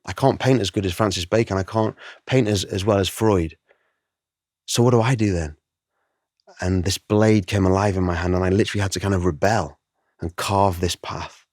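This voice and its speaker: A middle-aged man, a guest artist, telling his story in an interview, animated and emotional, acting out the voices he quotes. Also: low voice, normal speed, no echo, clean studio sound.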